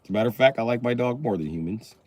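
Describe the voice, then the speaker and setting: A man's voice: mid-range voice, expressive, racing, darkish tone, no room sound. Guy on a livestream chatting w viewers, sarcastic and mock serious, lots of cussing, voice jumps up and down. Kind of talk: casual live-stream chat.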